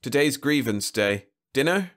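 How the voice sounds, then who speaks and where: Coy breezy young woman, high and light , as a male narrator puts her on. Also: animated, unhurried, fairly bright tone. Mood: bright. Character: female lover, coy and breezy.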